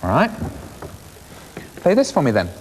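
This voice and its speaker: A man with a slightly high voice whose pitch swoops wildly runs a schools TV music lesson, guiding young children through percussion games as a brisk, encouraging teacher asking questions. The old 1980s recording carries long hall reverb and faint background hiss.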